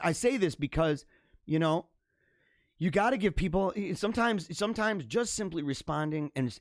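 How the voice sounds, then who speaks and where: A man hosting a live stream, telling a long story off the cuff. His voice sits a little high for a man and sounds close and dry, with no room echo. He rambles and restarts often, then breaks into animated bursts. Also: creaky. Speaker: livestream host. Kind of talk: casual storytelling monologue.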